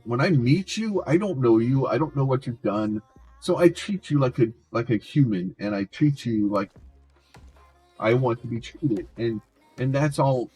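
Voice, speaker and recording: A man's voice: medium pitch, darkish tone. A man streaming a game, chatting casually and rambling, often restarting his words. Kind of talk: casual chat while gaming.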